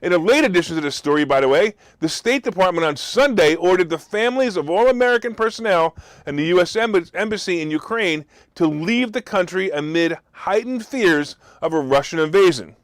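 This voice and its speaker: A man's voice: sits high, animated, brisk, dry recording. A man hosting a market talk show, delivering a sarcastic, mocking commentary monologue. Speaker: host.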